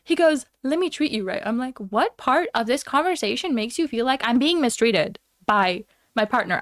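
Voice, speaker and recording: A young adult woman streamer telling a story in a heated, profane, animated casual rant. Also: mid-range voice, measured pace, no room sound, clean studio sound. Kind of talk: casual ranting chat.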